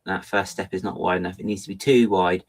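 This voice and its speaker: A man's voice: deep voice, fairly even intonation, fast, poor audio. A middle-aged man chatting casually while he builds with LEGO on a livestream, rambling and often stopping himself to apologise. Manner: rambling, self-interrupting, apologetic.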